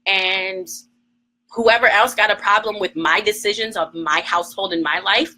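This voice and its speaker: Emotional woman co-host, sharp bright voice, venting defiantly into her phone on a live stream. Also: mid-range voice, moderate pace, rough recording. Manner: heated, emphatic and defiant. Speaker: morning show co-host. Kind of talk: emotional livestream rant.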